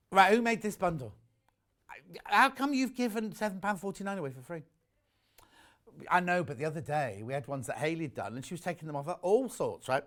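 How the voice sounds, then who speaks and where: A man's voice: high-pitched, fairly bright tone. A middle-aged man from the UK presenting fabric bundles on a live shopping channel, chatting in a rambling way full of jokey asides. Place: warm studio with the shutter doors open.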